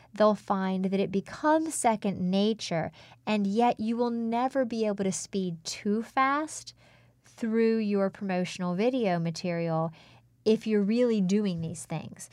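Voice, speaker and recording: A woman's voice: mid-range voice, a little mellow, dry recording. Instructive woman speaking coach. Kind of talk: conversational podcast advice.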